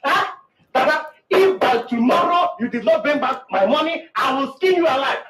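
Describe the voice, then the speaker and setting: A high-pitched, wildly swooping uncle, played by a man who shouts and threatens at full force. He is caught in a comedy skit clip with a roomy echo. A faint hiss sits under him. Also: expressive, normal speed. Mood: furious. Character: furious man whose money was gambled away. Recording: echoey room recording.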